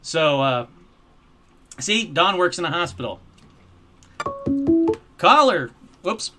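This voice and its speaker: A man hosting a live call-in show, chatting casually and excitedly, poking fun at himself. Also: on the high side, unhurried, loud music behind the voice. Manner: animated, self-mocking, easily excited. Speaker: host.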